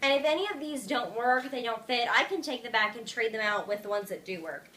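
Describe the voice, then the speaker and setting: Young woman gushing in a home vlog, kinda high voice, says like a lot. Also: a little fast, bright, forceful tone. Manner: bubbly, emphatic, says "like" a lot. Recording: faint background noise.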